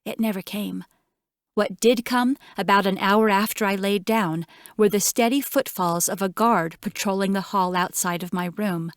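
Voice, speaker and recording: A woman narrating an audiobook in first person, with measured, tense storytelling. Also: medium pitch, dry recording, clean studio sound.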